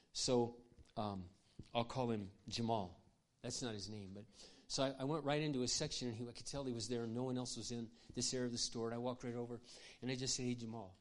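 An older man who is a pastor, preaching a sermon through personal stories. He speaks passionately and conversationally, with asides to his audience. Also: mid-range voice. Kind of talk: sermon storytelling.

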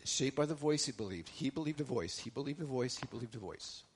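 A middle-aged man preaching a sermon as a pastor, swinging between loud emphasis and hushed lines, repeating phrases for effect. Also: medium pitch, animated, brisk, slight background noise.

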